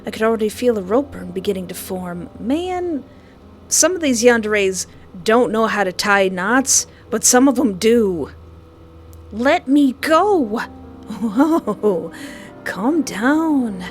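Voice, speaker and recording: A woman reads a visual novel aloud at an unhurried pace, her narration broken by dramatic, jokey outbursts. Her voice sits at a middling pitch, with faint music underneath. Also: lively intonation. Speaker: gaming video creator.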